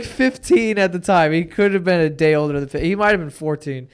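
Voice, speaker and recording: A young man hosts a loose, crude podcast chat and laughs often through his stories. His voice sits a little high and sounds smooth and clear. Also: moderate pace. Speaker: podcast host. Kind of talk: crude casual banter.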